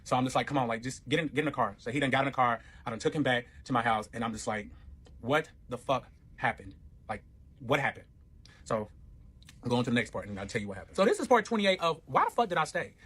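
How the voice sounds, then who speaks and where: A man's voice: medium pitch, very animated, rapid-fire, fairly bright tone, slightly rough. A man telling his own relationship story in a casual storytime, profane and rambling, with lots of filler and quoted back-and-forth.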